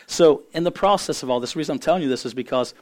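A middle-aged man preaching a sermon as a pastor, hoarse from losing his voice, earnest and halting with frequent restarts. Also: a little high, darkish tone.

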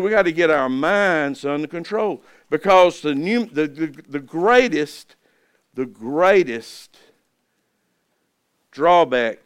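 A middle-aged man preaches in a smooth, fairly high voice, folksy and full of repeated words. His delivery swells loud on key phrases and falls soft at line ends. The sound is close and dry. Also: dry recording. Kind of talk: sermon.

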